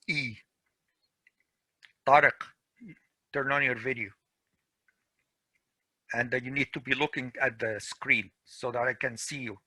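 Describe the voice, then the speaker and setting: A man's voice: medium pitch, fairly even intonation, bright, forceful tone, no echo. Middle-aged male grammar teacher, online class, dry and close mic. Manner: slow, patient, repeats examples. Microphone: video call.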